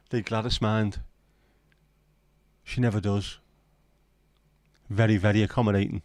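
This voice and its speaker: A man's voice: fairly low pitch, level tone, measured pace, pauses often, a little mellow, no room sound. A middle-aged man hosting a casual late-night livestream, rambling and swearing as he bants with his chat from home. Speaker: livestream host.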